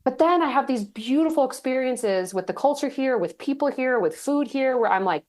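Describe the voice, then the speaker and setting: A woman in her thirties from Texas, a guest telling stories in a chatty, animated way with lots of fillers. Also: high-pitched, normal speed, hardly any pauses. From Texas, United States. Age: 30s. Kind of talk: casual interview storytelling.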